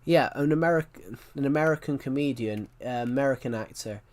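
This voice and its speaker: A man's voice: mid-range voice, brisk, darkish tone. A man chats loosely to his stream audience in an ordinary mid-range voice. He tells stories in a rambling way, breaking off to correct himself before carrying on. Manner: rambling storyteller, frequent self-corrections. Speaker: livestreamer. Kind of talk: casual chat while streaming a game.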